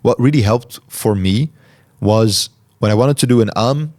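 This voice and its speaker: A man hosting a podcast, answering listener questions in a calm, reflective way and articulating each word carefully. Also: mid-range voice, a little slow. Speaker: podcast host. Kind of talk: solo Q&A talk.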